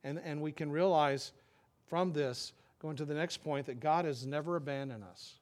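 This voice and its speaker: A man's voice: a little high, moderate pace. A man preaching a sermon in a conversational way, with restarts and quoted asides. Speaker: pastor.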